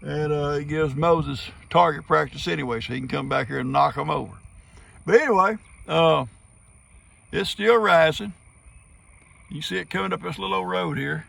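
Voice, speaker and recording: A man's voice: on the high side, moderate pace, creaky, fairly bright tone. A man with a Southern US accent, outdoors by flooded fields, giving an easygoing, plain-spoken video update. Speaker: farm video host.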